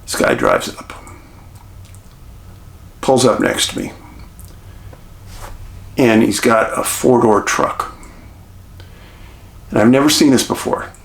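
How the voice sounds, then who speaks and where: A middle-aged man, host of his channel, casually telling a story to the camera in a chatty, animated way, quoting the people he met. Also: medium pitch, slow pace, gravelly, long pauses. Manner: chatty, animated retelling with quoted dialogue. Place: rural home outdoors.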